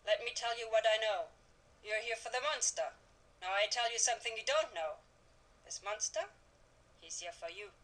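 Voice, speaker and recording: An ominous old German storyteller. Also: female voice, fairly high pitch, expressive, normal speed, pauses often, a bit bright, low-quality recording. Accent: put-on German. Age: older. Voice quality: theatrical, mysterious, lingering. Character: old female storyteller, ominous and food-loving. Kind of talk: video game character acting.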